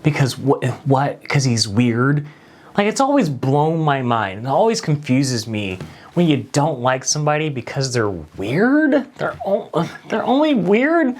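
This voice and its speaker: A man's voice: on the high side, very animated, measured pace. A man hosting a late-night show, telling a personal story in a conversational, self-deprecating way.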